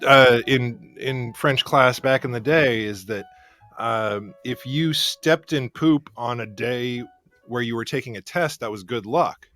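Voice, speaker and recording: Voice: mid-range voice, unhurried, a bit bright, soft background music. A co-host chatting casually and reacting playfully in a talk show. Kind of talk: casual chat.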